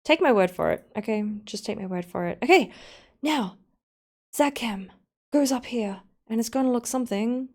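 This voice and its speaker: Editing a video live, this woman talks casually to her stream audience, walking through each step and tossing in playful comments. She speaks at a moderate pace in a slightly high voice.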